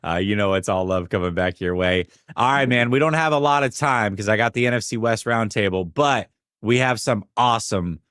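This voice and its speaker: A man's voice: on the low side, a bit bright, no room sound, studio quality. Upbeat man hosting a sports podcast. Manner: polished, upbeat host delivery. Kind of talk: radio-style sports talk.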